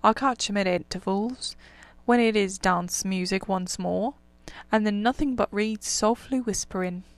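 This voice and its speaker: A woman reading the part of a dreamy, gentle male water rat in a storybook, speaking softly and in a murmur. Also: mid-range voice, measured pace, dry recording, lightly acted. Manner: soft, murmuring, drowsy.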